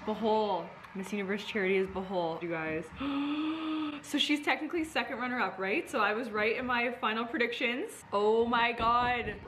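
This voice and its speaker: A woman giving live reaction commentary, excitable and talking straight to her viewers. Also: a little high, normal speed, slight background noise. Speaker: pageant reactor.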